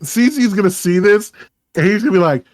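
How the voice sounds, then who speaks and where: A man's voice: high-pitched, lively intonation, normal speed, a little mellow, no room sound. A young adult man hosting a podcast, bantering casually with lots of swearing and laughter. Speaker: podcast host. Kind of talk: casual chat.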